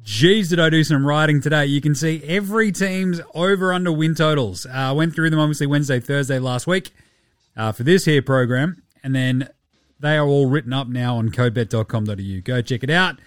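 A man with an Australian accent hosting a casual solo sports podcast, loose, sweary and quick to laugh. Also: on the high side, no room sound. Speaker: podcast host.

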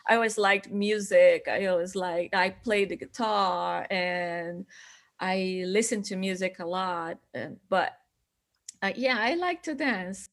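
A woman's voice: medium pitch, slow pace. A middle-aged woman from Brazil, chatting as an interview guest, laughing often and restarting her phrases. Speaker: guest artist. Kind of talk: casual interview chat.

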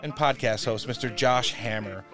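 A man's voice: medium pitch, a bit bright, faint music behind. A man hosting a political podcast, chatting and reading his sign-off and sponsor spots. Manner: brisk sign-off with ad reads. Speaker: podcast host. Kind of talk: casual political podcast chat.

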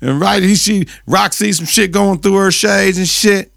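A man's voice: high voice, measured pace, vocal fry, a bit bright, no room sound, clean studio sound. A man hosting a podcast, recapping a TV episode in loose, slang-heavy casual chat with repeated catchphrases.

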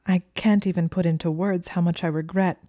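A woman reading the lines of a nervous teenage witch, hurried and stumbling over her words. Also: fairly low pitch, steady tone, warm tone, no echo, studio quality, lightly acted. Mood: flustered.

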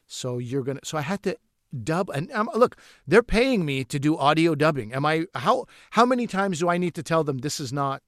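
A man telling a rambling, animated anecdote about his acting work, with fillers and restarts. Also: on the high side, moderate pace, dry recording, clean studio sound. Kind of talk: casual storytelling.

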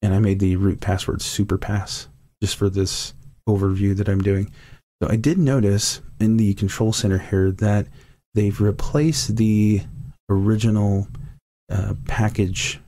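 A man's voice: on the low side, level tone, a little slow, warm tone. A man casually walking through the programs on his computer, enthusiastic and rambling, with frequent fillers and restarts. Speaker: video reviewer. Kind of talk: casual software walkthrough.

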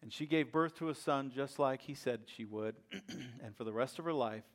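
A man preaching a sermon as a pastor, telling a story in a lively way and often checking in with "right?". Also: mid-range voice, normal speed. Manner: acts out quoted voices with bursts of laughter.

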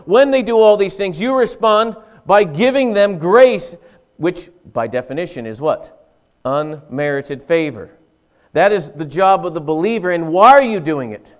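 A pastor delivers a sermon in a conversational way, firing off rhetorical questions and slipping into quick acted-out asides. His voice sits high.

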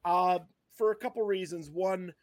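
A man's voice: sits high, normal speed, dry recording. A man co-hosting a casual sports podcast, emphatic as he builds up his picks. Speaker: podcast co-host. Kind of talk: casual sports roundtable chat.

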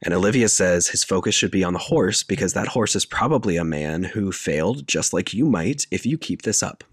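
A man with a very low voice talks through a film's plot in a loose, chatty way, full of fillers. The sound is dry and close, with no room in it. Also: fairly quick, slightly rough, dry recording. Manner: retells scenes in deadpan detail, filler-heavy. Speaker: podcast co-host recapping a film. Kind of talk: casual chat.

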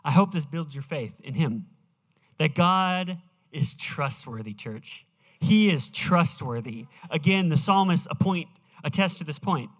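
A male pastor preaching a sermon, emphatic and slowing down as he reads scripture aloud in a church auditorium. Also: a little high, lively intonation. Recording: reverberant hall, live church sound.

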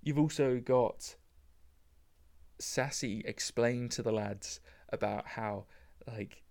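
A man's voice: mid-range voice, slow, creaky, darkish tone. A man hosting a casual solo podcast, rambling enthusiastically with lots of fillers. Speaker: podcast host.

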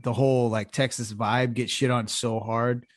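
A man's voice: mid-range voice, little pitch movement, moderate pace. Rambling, cursing podcast co-host man. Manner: rambling, swears freely, restarts a lot. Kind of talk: casual banter.

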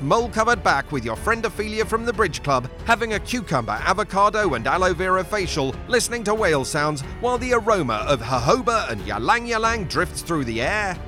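A man's voice: sits high, pushed and bright, exaggerated voice. A man playing a sneering ad announcer. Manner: mocking, rapid-fire insults in an advert voice. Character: sneering male TV-ad announcer for a law firm. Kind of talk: comedy radio sketch.

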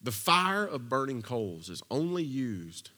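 A man preaching a sermon, conversational and storytelling, swinging from loud to hushed. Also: medium pitch, sing-song, measured pace. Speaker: pastor. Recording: long reverb of a large hall.

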